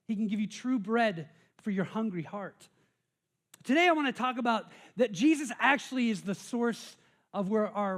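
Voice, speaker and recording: American male pastor, high voice, chatty sermon delivery, stumbles and restarts often. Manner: conversational, with many restarts and repeated words.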